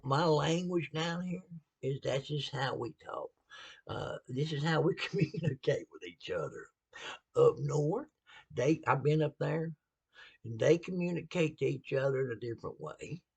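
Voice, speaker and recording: A Southern man speaks in a casual, preachy style, folksy and blunt, dropping laughing asides as he talks. His voice is gravelly and a bit husky, and his pitch swings around animatedly. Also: lively intonation, measured pace, a little mellow. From American South. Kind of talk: casual sermon-style talk.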